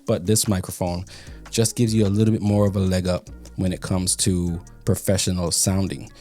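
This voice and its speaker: A man's voice: sits low, level tone, moderate pace, dark tone, faint music behind. A man giving a casual, explanatory tech review in a home studio, sometimes repeating words as he thinks. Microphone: studio microphones being compared.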